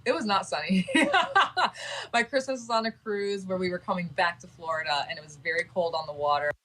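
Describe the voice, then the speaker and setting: A woman chatting on a casual livestream with a slightly low voice, gushing and sentimental as she goes. She talks straight to her viewers in a loose, unscripted way. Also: moderate pace, pushed and bright, rough recording.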